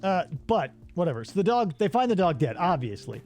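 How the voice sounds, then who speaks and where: A man hosting a casual movie-review show, retelling a plot in an animated, sarcastic way. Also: sits high, a little fast, soft background music. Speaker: radio show host.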